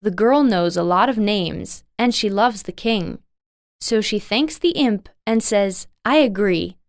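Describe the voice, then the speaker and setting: Woman, storybook narration, unhurried, dry close sound. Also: medium pitch, no room sound. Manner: simple, carefully paced reading. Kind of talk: slow scripted storybook narration.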